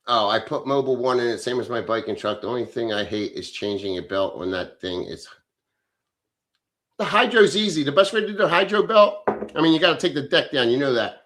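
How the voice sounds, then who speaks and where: A man's voice: medium pitch, animated, brisk, fairly bright tone. A middle-aged man hosting a casual livestream, reading chat and answering in a blunt, profane, off-the-cuff way.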